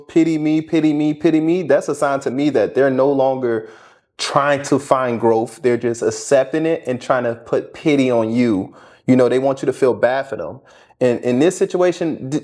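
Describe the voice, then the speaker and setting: A man's voice: mid-range voice, a little mellow. Brief: man, casual commentary, direct, advising tone, mid-range voice.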